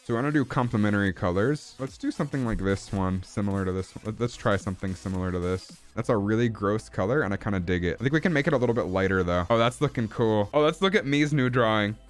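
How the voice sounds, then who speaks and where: A man's voice: lowish voice, fast, hardly any pauses. A man casually talking through his digital drawing as he streams, goofy and playful, in a put-on accent, with faint music behind. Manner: goofy and playful, silly sound words and mock grandeur. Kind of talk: casual live-stream commentary while drawing.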